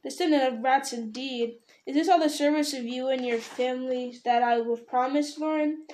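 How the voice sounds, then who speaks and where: A woman's voice: high voice, moderate pace, a little mellow, slight background noise, lightly acted. A woman reading aloud, voicing a small, fussy male hobbit who is flustered and politely indignant.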